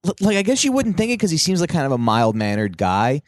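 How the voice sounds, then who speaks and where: A man's voice: fairly high pitch, wildly swooping pitch, fast talker, no room sound, clean studio sound. A man co-hosting a podcast, chatting casually and telling stories in an easygoing, agreeable way. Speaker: podcast co-host. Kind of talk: casual comedic chat.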